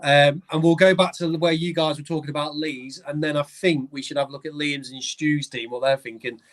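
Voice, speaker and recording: A man's voice: fairly high pitch, fairly even intonation, brisk. A man co-hosting a casual live stream, reassuring his partner and steering the talk to viewer comments. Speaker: stream co-host.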